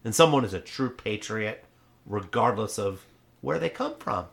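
A man's voice: fairly low pitch, animated, normal speed, vocal fry, fairly bright tone. A man co-hosting a satirical podcast chat, playing it mock-earnest, agreeing emphatically and swearing freely. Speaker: podcast co-host.

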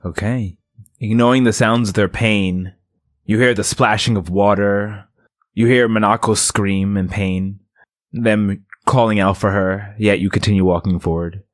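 A man narrating as game master of a tabletop game, slow and atmospheric, with restarts. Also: on the low side, fairly even intonation, dry recording, clean studio sound.

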